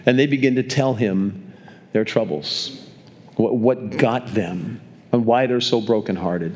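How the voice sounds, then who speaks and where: A man's voice: fairly low pitch, measured pace, a little mellow. Older man preaching conversationally. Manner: conversational storytelling, repeats words as he restarts. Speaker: pastor. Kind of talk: sermon. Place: church, speaking to a congregation.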